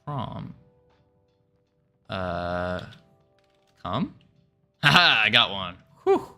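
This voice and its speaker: A man's voice: lowish voice, sing-song, extremely slow, sharp tone, soft background music. A man live-streaming his game development, chatting casually and playfully with viewers as he codes. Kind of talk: casual live-stream chat while coding.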